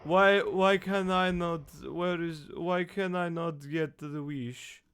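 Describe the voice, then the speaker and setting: A man's voice: on the high side, fairly even intonation, slow pace, fairly bright tone, smooth. A man streaming a video game who jokes with his chat, thinks aloud, and mimics the characters. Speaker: streamer and voice actor. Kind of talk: casual game-stream chatter. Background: faint game music.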